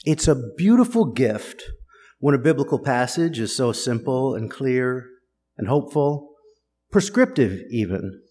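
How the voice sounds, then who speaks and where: A man's voice: medium pitch, sing-song, unhurried, mellow, husky. A man preaching a sermon in a conversational, wry and teasing way, talking directly to his congregation. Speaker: pastor. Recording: long hall reverb.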